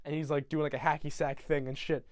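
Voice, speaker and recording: A man's voice: fairly high pitch, flat delivery, fast talker, no echo. Rambling young man with a dry close mic. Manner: rambling, swearing, lots of fillers. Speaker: YouTuber. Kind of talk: casual retelling of a film from memory.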